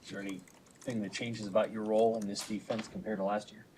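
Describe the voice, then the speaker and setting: A male reporter with a somewhat low voice asks short, direct questions at a brisk pace. Faint noise sits behind him. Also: little pitch movement. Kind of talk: press conference question.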